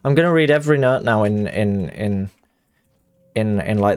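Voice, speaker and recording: A man's voice: lowish voice, animated, moderate pace, darkish tone, smooth, faint music behind. A man chatting casually on a live stream, rambling and self-mocking, swearing freely.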